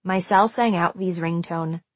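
A woman's voice: fairly low pitch, steady tone, a little slow, dry recording. A woman reading a first-person audiobook aloud, telling a tense and suspenseful story. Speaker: audiobook narrator.

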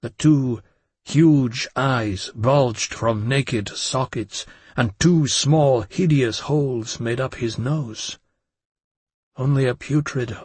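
A man reads a dark first-person story in a measured, intense audiobook narration. His voice sits at a middle pitch with a husky, breathy edge. The sound is dry and close, with no room around it. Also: no echo.

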